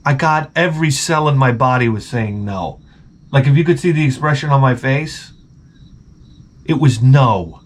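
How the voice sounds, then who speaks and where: A man's voice: mid-range voice, moderate pace. A man telling a rambling, profane, comically exasperated story in a casual vlog. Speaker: vlogger.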